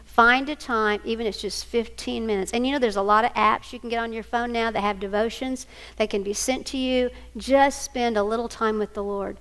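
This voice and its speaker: A woman's voice: fairly high pitch, steady tone, a little fast, a bit bright. An older woman giving a storytelling talk to single parents, homey and anecdotal, acting out family dialogue. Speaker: speaker at a single-parent ministry event.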